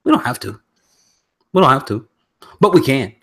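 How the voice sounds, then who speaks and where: A man hosting a podcast in casual chat, relaxed and steering the talk between topics. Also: mid-range voice, moderate pace, slight background noise. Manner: relaxed, steers the conversation, reads chat aloud. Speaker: podcast host.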